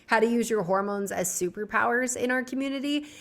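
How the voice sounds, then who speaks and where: A woman doctor and author, a guest in a casual podcast conversation, speaking as a chatty storyteller with quick asides. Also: on the high side.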